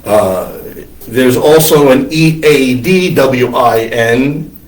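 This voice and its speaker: A priest lecturing on church history in a classroom, wandering into digressions with many ums and uhs. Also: male voice, medium pitch, animated, takes it slowly. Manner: discursive, digressive with many fillers. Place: classroom with students. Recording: roomy classroom from far off.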